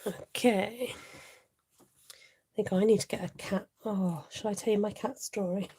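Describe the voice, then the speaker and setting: A mellow-voiced woman hosts a relaxed live crafting demo. She chats to viewers and thinks aloud as she works, in an easy, rambling way. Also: mid-range voice, unhurried, husky. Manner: chatty, thinks aloud, greets viewers, often laughs. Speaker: crafting tutorial host.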